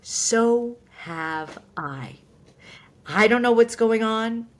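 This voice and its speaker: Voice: medium pitch, expressive, very slow. A woman doing a fed-up, sarcastic flight attendant. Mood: exasperated. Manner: loud, sarcastic, lecturing. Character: exasperated flight attendant scolding passengers.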